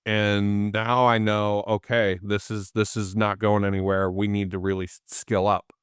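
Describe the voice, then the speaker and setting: Close, dry audio with no echo captures a male interview guest with a fairly low, clear, resonant voice speaking at normal speed. In this casual chat he tells lively stories, imitating the voices of the people he quotes.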